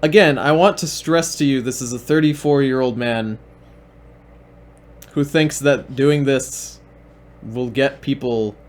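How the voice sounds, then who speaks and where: A man's voice: medium pitch, unhurried, long pauses. A man hosting a stream, mocking the videos he plays in a sarcastic, repetitive way. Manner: sarcastic, deadpan, repeats himself. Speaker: stream host and commentator.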